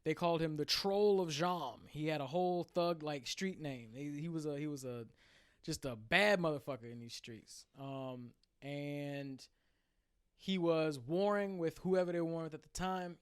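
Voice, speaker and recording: A man co-hosting a casual podcast, retelling a story in animated, slang-filled chat. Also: fairly high pitch, clean tone. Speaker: podcast co-host.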